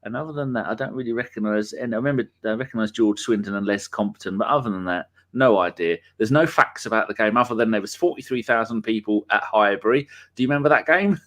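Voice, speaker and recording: A man's voice: on the low side, fast talker, hardly any pauses, a bit bright. A man hosting a live podcast in casual, rambling chat, joking and using lots of fillers. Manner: chatty, rambling, jokey, with many fillers. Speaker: podcast host.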